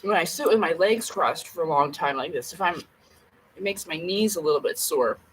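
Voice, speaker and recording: A woman's voice: on the low side, normal speed, rough recording. A woman talks casually to her camera from home. She is blunt and rambling, and swears freely as she goes. There is a faint hum of ambient noise behind her. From Canada. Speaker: vlogger.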